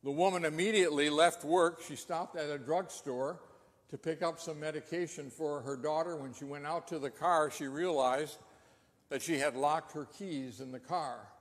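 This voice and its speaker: Pastor guy preaching, kinda high voice, earnest questions, long church echo. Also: moderate pace. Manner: earnest storytelling with rhetorical questions. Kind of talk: sermon. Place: church sanctuary. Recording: long reverb of a church hall.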